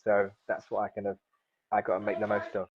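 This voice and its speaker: A man's voice: fairly low pitch, monotone, fairly quick, slight background noise. A man in his thirties from South London, chatting casually as an interview guest, rambling with lots of fillers and restarts. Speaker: guest, seaweed farmer. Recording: dull lo-fi sound.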